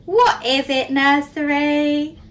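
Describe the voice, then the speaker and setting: A nursery teacher reading a storybook aloud to young children, expressive and pausing to ask questions. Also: female voice, high voice, recorded from a distance, slight background noise, rough recording.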